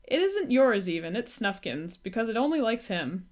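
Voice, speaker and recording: A woman's voice: on the high side, very animated, moderate pace. Snappy sarcastic little girl creature, woman reader. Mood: snappish. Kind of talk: storybook read-aloud.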